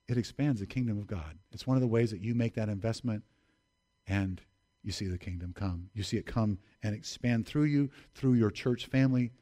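A pastor with a fairly low, warm male voice delivers an emphatic sermon, repeating key phrases and appealing directly to the congregation.

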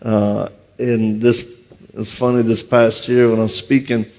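A fast-talking martial arts instructor and speaker with a Louisiana accent tells humorous stories on stage before an audience. His medium-pitched voice is animated, and he's quick to poke fun at himself.

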